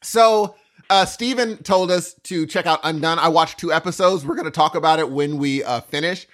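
A man co-hosting a podcast in casual chat, animated, often cutting in and restarting his sentences. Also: fairly high pitch, moderate pace. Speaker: podcast co-host.

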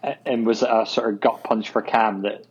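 Husky Scottish man, lo-fi sound. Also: lowish voice, fairly even intonation, fairly quick. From Scotland. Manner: hesitant, full of fillers. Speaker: co-host reading listener questions. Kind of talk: casual chat. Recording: dull lo-fi sound.

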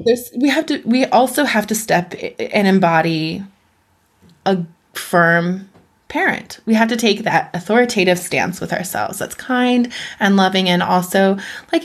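A woman talking casually as a podcast guest, lively and expressive, often acting out her own inner voice and laughing. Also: medium pitch, a little slow. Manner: animated, acts out her own self-talk, laughs often. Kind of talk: casual conversation about self-care.

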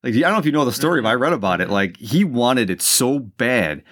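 Excitable podcast man, lively pitch. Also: quick pace. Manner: excitable, swears freely, laughs as he recaps scenes. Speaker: podcast co-host. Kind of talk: casual movie chat.

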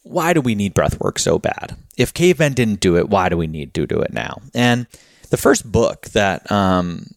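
A man talks through a casual podcast monologue, wandering from thought to thought with plenty of filler words. He sounds a little short of breath, and his voice sits a touch low. The recording is dry and close, with no room sound. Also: expressive, moderate pace, gravelly, dry recording. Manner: rambling, frequent filler words. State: slightly out of breath. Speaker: podcast host.

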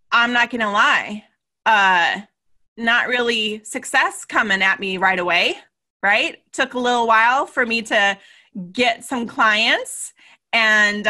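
A woman guest in an interview, a business mentor telling her story in a lively way and acting out the voices she quotes. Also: fairly high pitch. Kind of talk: casual interview chat.

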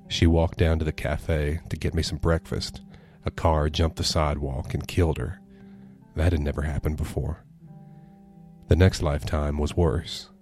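A man reading a horror story aloud as a podcast narrator, in a somber, measured way. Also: extremely low pitch, darkish tone.

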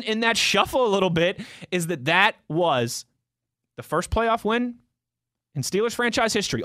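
A young man with a high, bright voice talks sports off the cuff, rambling and restarting as he reads through fan tweets. The sound is dry and close, with no room around it. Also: no room sound. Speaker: podcast host answering fan tweets. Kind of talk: casual sports talk show chat.

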